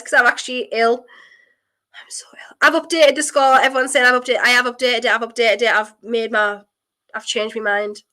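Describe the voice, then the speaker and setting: A young woman hosting a live football watchalong stream, reacting with elated, breathless excitement and chatting with her viewers. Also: high-pitched.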